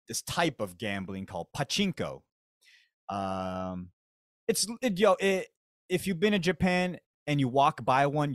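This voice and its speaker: This is a man from the United States hosting a podcast, his voice medium in pitch. He relaxes into a funny story full of slang and swearing, captured in clean studio audio without any room sound.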